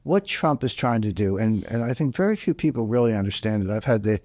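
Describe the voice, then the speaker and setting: A man's voice: on the low side, lively intonation, brisk, darkish tone, dry recording. A man giving interview answers on economics in an emphatic, explanatory way, hammering home his key points. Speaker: interview guest, economic commentator.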